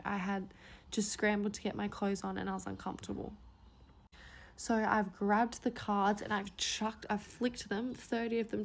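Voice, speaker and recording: Woman with a gravelly, chatty voice. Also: medium pitch. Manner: chatty, animated retelling with many "like" fillers. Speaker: storyteller. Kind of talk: storytime vlog.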